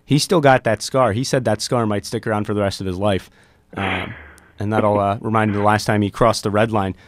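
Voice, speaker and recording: A man's voice: fairly low pitch, fairly even intonation, fairly quick, no echo. A man hosting a casual podcast chat, reflective and openly emotional, speaking into a studio microphone. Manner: warm, reflective, self-described emotional guy. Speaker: podcast host.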